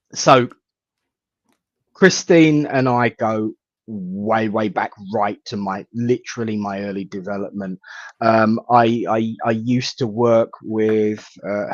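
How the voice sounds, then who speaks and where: A man, a reverend hosting a casual live chat, rambling warmly and greeting viewers by name. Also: fairly low pitch, dry recording. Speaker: host, reverend. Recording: dull lo-fi sound.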